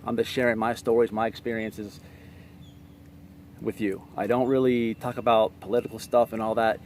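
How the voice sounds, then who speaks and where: A man's voice: fairly low pitch, flat delivery, normal speed, a little mellow, a little hiss or hum. A man vlogging to camera, telling stories from his own life in a blunt, streetwise, profane way. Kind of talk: casual storytelling to camera.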